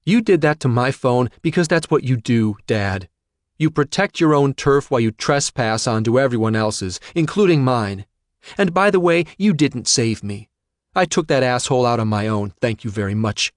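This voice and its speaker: A man voicing a sharp, indignant young woman confronting her father. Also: medium pitch, lively intonation, moderate pace, dry recording, studio quality, voice pushed up, close to an everyday voice. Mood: angry. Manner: indignant, accusing.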